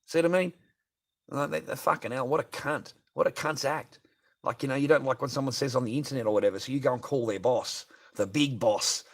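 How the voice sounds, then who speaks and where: A man rants on an unscripted livestream, swearing freely in a mid-pitched voice. He keeps turning to his listeners with "right?" and "you know?". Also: a little fast. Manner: profane, ranting, keeps asking "right?".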